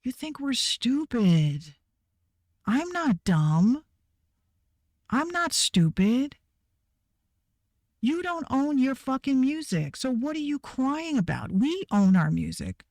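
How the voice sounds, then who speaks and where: A woman's voice: high voice, big pitch swings, slow pace, pauses often, darkish tone, no room sound, studio quality. A woman ranting bluntly and heatedly to her viewers, swearing a lot and repeating herself for emphasis. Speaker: online creator ranting to viewers. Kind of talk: profane rant to camera.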